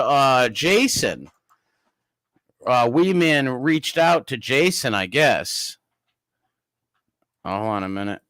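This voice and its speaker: A man's voice: mid-range voice, sharp tone, no echo. A man hosting a casual livestream, rambling and greeting chat viewers by name. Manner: rambling, reads chat names aloud. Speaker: livestream host.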